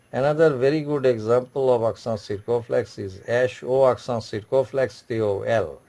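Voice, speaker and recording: A male teacher walks through French marks in that is not his tongue, sounding words out and repeating them. His voice sits at an ordinary middle pitch, and he explains in a patient classroom manner. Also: darkish tone. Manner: repeats words slowly, explaining in non-native English. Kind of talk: classroom lesson.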